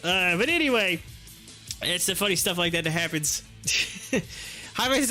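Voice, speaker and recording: Brief: chatty male streamer, very high bright voice, faint music behind. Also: expressive, normal speed. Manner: chatty, laughs often, frequent restarts. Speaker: live stream host. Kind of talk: casual chat, storytelling. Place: home.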